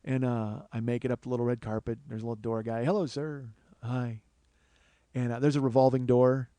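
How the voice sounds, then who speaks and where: A man's voice: medium pitch, flat delivery, fast, dark tone, smooth, no echo. Profane man telling a comic story. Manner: profane, rambling, self-mocking storyteller. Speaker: comedy podcast host.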